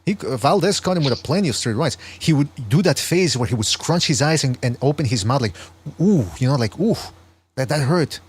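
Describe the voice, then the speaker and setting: A man's voice: mid-range voice, lively intonation, quick pace, hardly any pauses, breathy edge. A man hosting a podcast, commenting on a sparring clip with wry, rambling asides. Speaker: podcast host.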